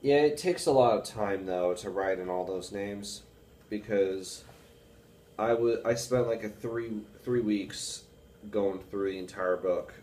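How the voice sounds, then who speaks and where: Slow-talking young baritone man, echoey room. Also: darkish tone, distant mic, a little hiss or hum. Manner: rambling, hesitant, many fillers. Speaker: music student vlogger. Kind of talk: casual talk to camera. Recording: echoey room with faint music.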